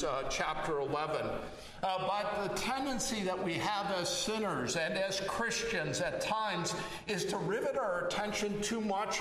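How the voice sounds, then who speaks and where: Slow-preaching man in an echoey hall. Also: on the high side, fairly bright tone, distant mic, a little hiss or hum. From Chicago area. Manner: slow, measured preaching with frequent "uh" pauses. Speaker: pastor. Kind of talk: sermon.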